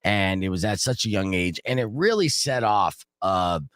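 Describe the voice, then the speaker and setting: Low and smooth, the man's voice keeps a moderate pace in a dry, studio-quality recording. As a morning radio host working a studio microphone in the radio studio, he's an animated storyteller, relating a long, loose tale with plenty of swearing and acted-out voices for the people in it.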